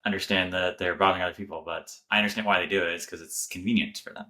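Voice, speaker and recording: Low, bright-voiced man co-host. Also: steady tone. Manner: measured, hesitant with ums, wry. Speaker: podcast co-host. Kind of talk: casual chat.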